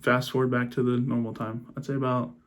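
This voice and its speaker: A young man telling a personal story in a subdued, halting way, restarting his sentences and choking up at moments. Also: medium pitch, flat delivery. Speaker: vlogger.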